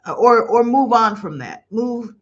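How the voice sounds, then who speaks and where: A woman with a fairly high, lively voice hosts a live show commenting on a soap opera, chatting casually and reading viewers' comments aloud. She's effusive and emotional, stretching out her exclamations, though the audio sounds dull.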